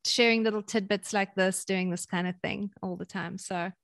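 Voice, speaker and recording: A woman's voice: mid-range voice, moderate pace, creaky. A woman from South Africa, a guest on a parenting podcast, talking casually and acting out little quoted voices as she tells stories. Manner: animated storytelling with quoted voices and repeated words.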